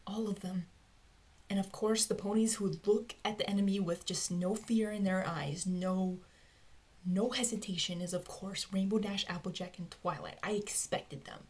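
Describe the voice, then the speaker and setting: A woman's voice: medium pitch, steady tone, measured pace, a little mellow. A woman talking to herself as she works through a fan theory, rambling and often dropping into a whisper. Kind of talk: thinking aloud to herself. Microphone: close mic, recorded alone.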